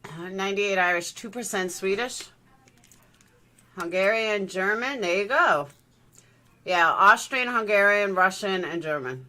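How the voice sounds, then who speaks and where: A woman's voice: mid-range voice, a little slow, long pauses, pushed and bright. A woman hosting a livestream, chatting loosely as she reacts to a live news feed. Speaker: livestream host. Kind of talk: casual live commentary.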